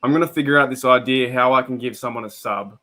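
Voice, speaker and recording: An Australian man hosting a live stream, giving excitable play-by-play and chatty asides to his viewers. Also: mid-range voice, quick pace. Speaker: streamer and host. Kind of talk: live reaction commentary.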